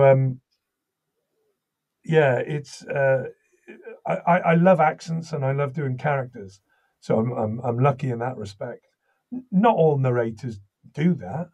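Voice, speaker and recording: A man with a slight Welsh lilt talks through an interview in a husky voice. He tells anecdotes in an animated way and restarts his sentences often. His voice sits at a middle pitch. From Wales. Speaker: voice actor and audiobook narrator. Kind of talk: interview conversation.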